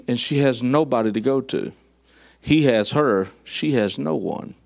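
A man's voice: medium pitch, slow, vocal fry. A middle-aged man, preaching a sermon in a folksy, storytelling way with dry humor. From southern United States. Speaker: guest preacher.

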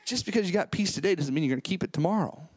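A man preaching a sermon full of personal stories, animated and rising in pitch as he tells them. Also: racing. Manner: animated storytelling, rising pitch when excited.

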